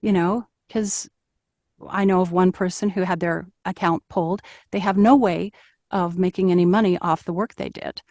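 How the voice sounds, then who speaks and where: A woman's voice: lowish voice, steady tone, normal speed, darkish tone, no room sound. Earnest middle-aged woman narrator, dry sound. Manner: earnest, reflective, with fillers and restarts. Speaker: audiobook narrator, guest. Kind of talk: conversational interview.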